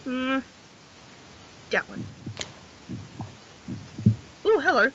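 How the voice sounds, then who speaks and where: A woman's voice: on the high side, expressive, normal speed, pushed and bright, a little hiss or hum. A woman reading a visual novel's narration aloud and chatting about it, giggly and chatty between the lines. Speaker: gamer, host. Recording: dull lo-fi audio.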